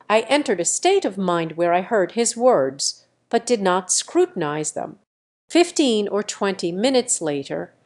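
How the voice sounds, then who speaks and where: A woman's voice: medium pitch, a little mellow. Woman reading a memoir audiobook steadily. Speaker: audiobook narrator.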